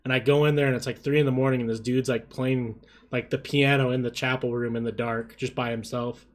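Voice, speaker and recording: Laid back podcast cohost guy, mid pitch, lots of likes and uhs. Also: level tone, fairly quick. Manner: easygoing, summarizing, filler-heavy. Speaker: podcast co-host. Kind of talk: casual podcast chat.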